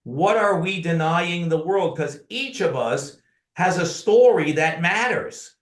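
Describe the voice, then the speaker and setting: A man's voice: a little high, expressive, slow, roomy sound. A man telling stories as a podcast guest, earnestly and often addressing the host by name. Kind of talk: conversational storytelling.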